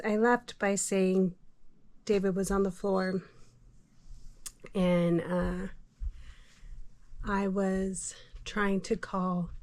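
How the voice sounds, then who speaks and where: A middle-aged woman vlogger telling a personal story in a casual, hesitant way, with many pauses and fillers. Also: mid-range voice, a little mellow. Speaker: homestead vlogger.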